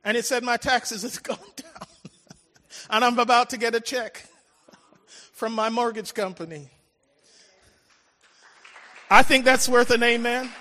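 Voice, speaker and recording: High, bright-voiced preacher in a big hall. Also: male voice. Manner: preaching with dramatic swings between loud calls and hushed lines. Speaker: pastor. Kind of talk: sermon. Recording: large reverberant hall with faint music.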